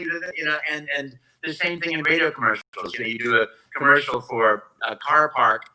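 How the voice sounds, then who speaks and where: A man with a very bright, slightly raised voice gushes through his answers as a guest on a live-streamed convention Q&A. He tells rambling stories full of restarts. He talks into a phone propped up at home. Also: on the high side, normal speed, few pauses, low-quality recording. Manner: effusive, enthusiastic storytelling with rambling restarts. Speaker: voice actor guest.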